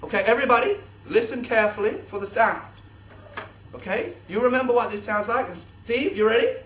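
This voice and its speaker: A young man presenting a kids' science show in an exaggerated, excitable host voice. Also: extremely high pitch, a little fast, slight background noise. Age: young adult. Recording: echoey room, distant mic.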